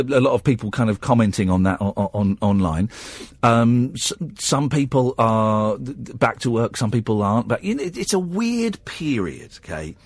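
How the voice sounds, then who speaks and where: A man's voice: medium pitch, breathy edge, dry recording. A man with an English accent hosting a late-night radio phone-in, rambling and teasing with lots of stammered restarts. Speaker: radio host. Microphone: studio microphone.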